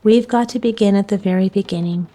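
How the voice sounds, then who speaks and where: A woman's voice: medium pitch, quick pace, dark tone, lightly acted. A bossy, practical young girl Rosie, as a woman reader puts her on. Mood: scornful. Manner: firm, commanding, sometimes scornful.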